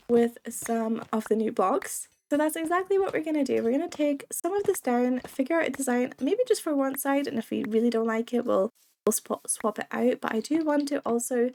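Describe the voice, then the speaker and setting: A slight hiss or hum sits under this young woman's a-little-high, a-little-mellow voice, which is affected by a cold. As a gaming video creator, she chats and giggles through easygoing let's-play commentary, talking to the creatures she meets.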